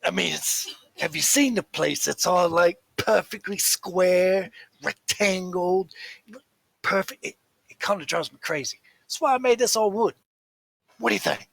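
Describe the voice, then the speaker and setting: A man voicing a jovial bearded male tavern keeper who talks loudly and heartily across the bar. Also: high-pitched, measured pace, vocal fry, no room sound, voice pushed up, heavily acted. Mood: chatty.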